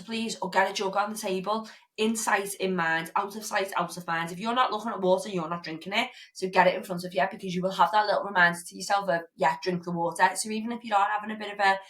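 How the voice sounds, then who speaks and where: A young woman with a British accent talks straight to her listeners in a chatty fitness podcast. She is blunt and casual, drops the odd swear, and keeps checking in with "okay?". Her voice sits at a mid pitch for a woman. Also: a bit bright. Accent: British English. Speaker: podcast host, fitness coach.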